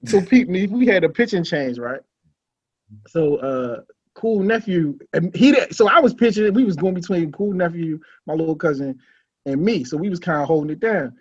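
High, husky-voiced man telling a funny story. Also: normal speed, dry recording. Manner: animated, laughing storyteller. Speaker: podcast co-host. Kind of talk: casual storytelling chat. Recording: dull lo-fi sound.

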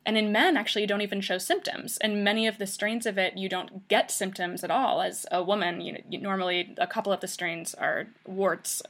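A woman's voice: medium pitch, steady tone, a little fast, hardly any pauses, fairly bright tone. A young woman hosting a podcast, telling a personal story in a casual, chatty way with frequent ums and restarts. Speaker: podcast host.

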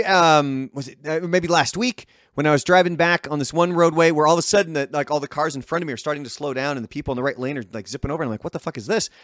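A man's voice: on the high side, a bit bright, no room sound, clean studio sound. A man on a podcast who rants about other drivers in a laid-back, profane way. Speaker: podcast co-host. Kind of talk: casual chat. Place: El Paso.

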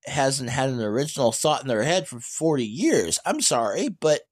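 A man's voice: mid-range voice, normal speed, slightly rough. A man talking casually about electric cars in an opinionated, rambling way, with many fillers and restarts and emphatic outbursts. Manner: animated, emphatic rants. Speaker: EV news vlogger.

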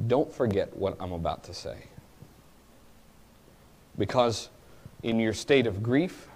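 A male preacher giving a sermon, rising to pleading cries and then dropping to quiet, reflective asides. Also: medium pitch.

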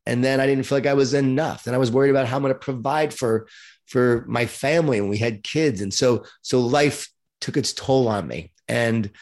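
Interviewed as a guest author, a middle-aged man from Long Island, New York, relates his life story with lively, self-deprecating humor. He talks at normal speed in a mid-range voice.

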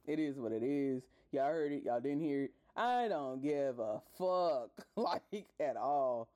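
A woman's voice: very deep voice, unhurried, mellow. A woman hosting a podcast, ranting casually and profanely with exasperated bursts of laughter. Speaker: podcast host.

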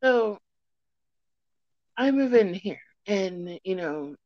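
A woman's voice: medium pitch, expressive, drawn-out words, no room sound. Chatty woman telling a story, lo-fi sound. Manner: rambling, chatty. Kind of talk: casual storytelling chat. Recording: dull lo-fi recording.

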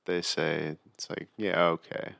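Very deep, gravelly young man. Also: flat delivery, a little slow, fairly bright tone, no room sound, clean studio sound. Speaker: podcast co-host. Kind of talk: casual chat.

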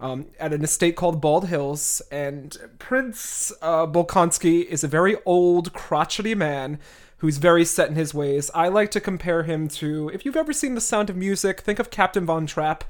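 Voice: mid-range voice, moderate pace. Chatty, irreverent podcast host recapping a novel. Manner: chatty, irreverent, occasional swearing. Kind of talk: casual book recap.

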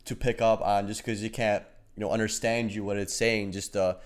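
A man's voice: on the low side, flat delivery, moderate pace. A man hosting a podcast interview, asking long, winding questions padded with fillers. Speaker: host.

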